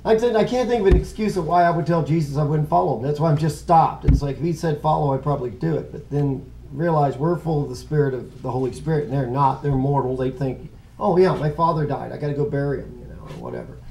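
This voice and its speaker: A man's voice: fairly high pitch, animated, quick pace, gravelly, few pauses, warm tone, a little hiss or hum, low-quality recording. Rambling, easygoing man teaching a Bible lesson. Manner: rambling, conversational, self-correcting.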